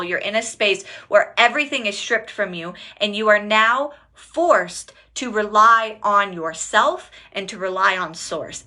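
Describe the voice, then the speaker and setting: A woman's voice: medium pitch, sharp tone. A woman spiritual teacher speaking live in a chatty way. She swears and laughs often. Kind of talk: casual livestream talk.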